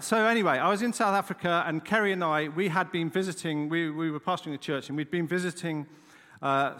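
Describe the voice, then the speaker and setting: A man's voice: fairly high pitch, a bit bright. A middle-aged male pastor telling a story in a sermon, chatty and self-deprecating. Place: church. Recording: long reverb of a church hall.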